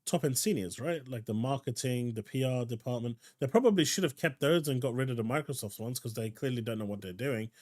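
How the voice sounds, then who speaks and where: A man's voice: mid-range voice, lively intonation, brisk, hardly any pauses, darkish tone. Blunt man hosting a gaming stream. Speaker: stream host. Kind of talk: casual chat.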